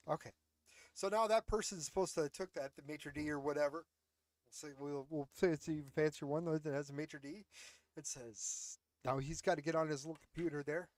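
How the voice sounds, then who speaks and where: A man with a fairly high voice talks a little fast, with no room sound, as he hosts his own commentary show from home. His casual rant is blunt, sarcastic, and full of swearing, picked up close on a headset.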